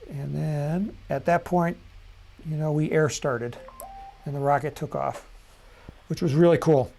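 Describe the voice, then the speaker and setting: A man hosting a live software tutorial, talking casually and thinking aloud at his computer, with frequent ums and self-corrections. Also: on the high side. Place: at a computer desk.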